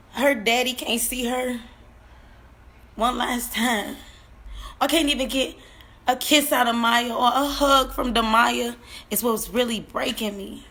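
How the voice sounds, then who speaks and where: A woman's voice: on the high side, a bit bright. A grieving mother crying as she tells her story at home, her voice breaking as she repeats herself. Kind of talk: emotional personal testimony.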